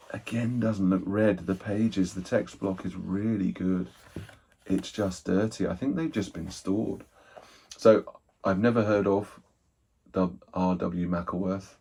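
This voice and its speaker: Male host, casual self-deprecating unboxing chat; husky, dark tone. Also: low voice. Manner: rambling, self-deprecating, thinking aloud. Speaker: book collector, channel host.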